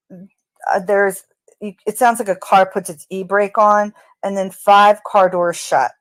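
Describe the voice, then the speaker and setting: Slow-talking woman walking thru a recording, stops and restarts a lot, dry mic. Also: lowish voice, dry recording. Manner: halting, frequent ums and restarts. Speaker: true crime commentator. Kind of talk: casual narration of audio analysis.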